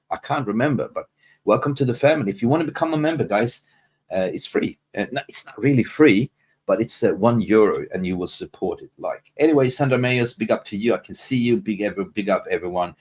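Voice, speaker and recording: A man with a fairly low voice hosts a live fan stream in a casual, chatty way. He keeps greeting viewers by name and tosses in playful jokes. His delivery is animated and informal, with frequent filler words. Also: slightly rough. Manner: animated, shouts out chat names, jokey asides.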